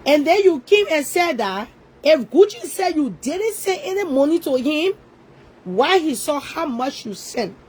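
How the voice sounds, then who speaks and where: Woman, high voice; confrontational online rant, scolding and repetitive. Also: very animated, measured pace, a little mellow, poor audio. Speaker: online commentator. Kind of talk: ranting social media commentary.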